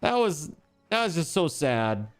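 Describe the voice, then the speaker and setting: A man's voice: a little high, sing-song, a little slow. Streamer guy rambling and joking, voice jumps all over, faint music behind. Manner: rambling, joking, swears freely. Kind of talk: casual live-stream chat.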